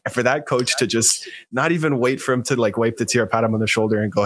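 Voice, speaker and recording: A young man co-hosting a football podcast, joking and animated in casual chat. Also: fairly low pitch, a little hiss or hum. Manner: fast-talking, animated, joking. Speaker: podcast co-host.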